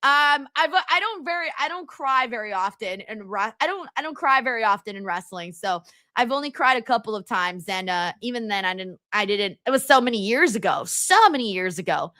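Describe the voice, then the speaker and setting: A woman's voice: a little high, sharp tone, no room sound. A young woman hosting a live-stream watchalong, chatting casually and giggling as she reads out viewer comments.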